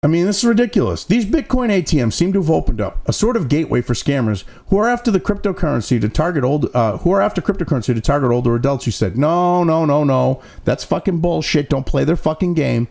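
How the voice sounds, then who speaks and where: A man's voice: fairly high pitch, sing-song, fast talker, vocal fry, hardly any pauses, a little mellow. A man hosting a commentary show, reading news excerpts and breaking off into profane, sarcastic, exasperated rants with mocking asides. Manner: mocking asides between read-out passages.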